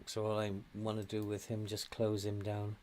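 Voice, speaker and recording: A man's voice: on the low side, completely flat delivery, moderate pace, warm tone, a little hiss or hum. An older man from England giving casual commentary while playing a football management game, chatty and laughing often, cheering his team on. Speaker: game streamer.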